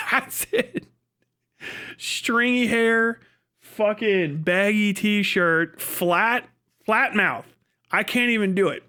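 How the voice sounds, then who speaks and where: A man's voice: high voice, wildly swooping pitch, drawn-out words, pauses often, sharp tone, clean tone. A man streaming live, chatting casually, riffing crude jokes with lots of swearing and laughter. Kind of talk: casual livestream chat.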